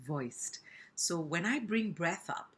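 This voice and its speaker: A woman speech teacher from India giving a pronunciation lesson, speaking slowly and deliberately and demonstrating each sound with exaggerated articulation. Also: fairly low pitch, expressive, fairly bright tone, husky.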